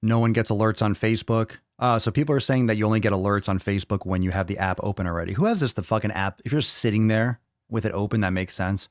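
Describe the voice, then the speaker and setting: A man's voice: on the low side, fairly even intonation, fast talker, few pauses, no room sound, clean studio sound. A man hosting a fitness podcast, answering viewer questions in a casual live Q&A, blunt and profane as he reads comments and rants back.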